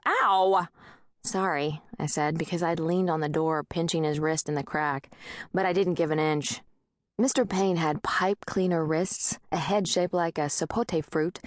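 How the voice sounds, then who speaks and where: A woman's voice: sits low, dry recording. A woman narrating an audiobook in the first person, wry and conversational, on a close studio mic.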